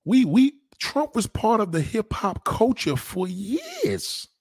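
Profane, animated New man ranting. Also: slow pace, slightly rough, no room sound, studio quality. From New York. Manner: profane, animated, swinging pitch. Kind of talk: casual rant.

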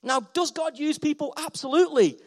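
High-voiced man preaching a sermon. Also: fairly quick. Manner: passionate, rising and falling in volume, repeats phrases. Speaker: pastor. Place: church hall.

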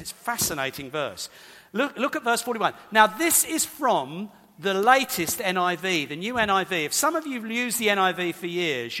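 A man's voice: sits high, sharp tone, big-room sound. A man preaching a sermon, explaining scripture in a conversational way and repeating key points for emphasis.

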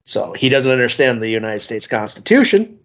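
A man's voice: medium pitch, very animated, brisk, a bit bright. A man co-hosting a podcast in casual chat, dry and sarcastic, often laughing as he critiques an album. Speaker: podcast co-host.

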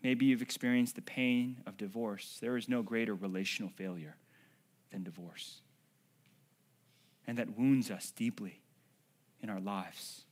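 A man preaching a sermon, swinging from loud, emphatic declarations to hushed, quiet passages as he addresses the congregation directly. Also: lowish voice, steady tone, a little slow, long pauses. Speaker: pastor.

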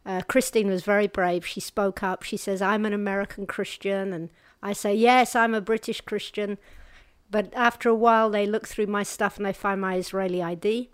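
A woman telling her own survival story in a halting, earnest way, shifting between brisk and slow, quiet passages and dropping to a hush at the hardest moments. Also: medium pitch, steady tone, smooth, dry recording. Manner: halting and earnest, with restarts and hushed pauses at hard moments. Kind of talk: personal testimony told to an audience.

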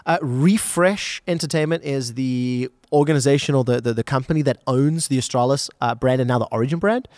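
A man co-hosting an esports talk show, excitable and rambling, talking in casual desk chat. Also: mid-range voice, brisk, few pauses, no room sound, clean studio sound.

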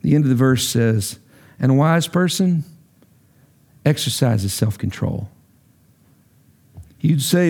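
A man's voice: medium pitch, expressive, takes it slowly, gravelly, long pauses, a little mellow. A middle-aged man preaching a sermon as a pastor, earnest and emphatic, his delivery rising sharply when stirred.

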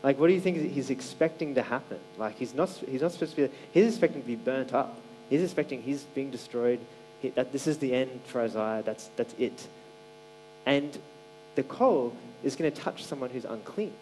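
A man's voice: mid-range voice, normal speed, darkish tone, faint music behind, rough recording. A man giving a casual, conversational sermon, with many fillers and restarts. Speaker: preacher.

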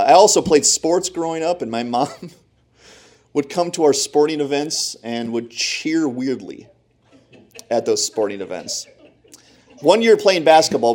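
Man telling self-deprecating stories. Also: on the high side. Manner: self-deprecating, animated storytelling. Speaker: preacher. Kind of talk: humorous sermon storytelling.

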